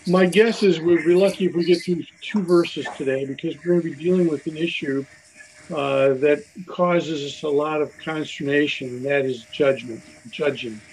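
A man's voice: a little high, normal speed, a little hiss or hum, poor audio. A man leading a casual Bible study, talking in a conversational way with many fillers and restarts. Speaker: Bible teacher.

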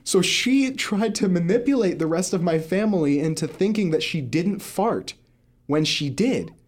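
A young man chatting on a podcast, his pitch swinging widely as he tells a story. He laughs often and acts out the people in it, keeping the tone loose and casual. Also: animated, normal speed. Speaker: podcast co-host. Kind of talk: casual chat.

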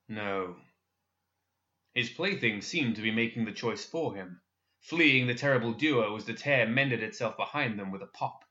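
A man narrating a dark fantasy story in a measured, expressive audiobook style. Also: mid-range voice, dull audio.

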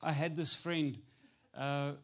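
A man's voice: a little high, steady tone, takes it slowly. Joking Afrikaans-accented man preaching. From South Africa. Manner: jokey, switches between English and Afrikaans, builds to loud preaching. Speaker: pastor. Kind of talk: humorous sermon.

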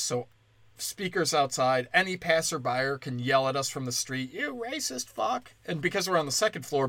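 A man's voice: medium pitch, fairly bright tone, no echo. A man telling a crude stand-up comedy story, ranting and acting out the people in it. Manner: crude, ranting, acts out quoted voices. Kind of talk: podcast-style comedy storytelling.

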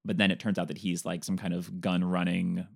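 A man's voice: sits low, fairly quick, creaky, breathy edge. A man co-hosting a casual film podcast, laughing often and talking with animation. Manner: laughs often, animated, sings bits of the intro. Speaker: podcast co-host. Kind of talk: casual chat.

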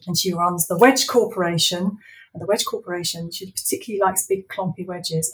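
A woman author reading her story aloud in an animated storytelling voice, then chatting casually about writing it. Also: lowish voice, rough recording. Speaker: children's author.

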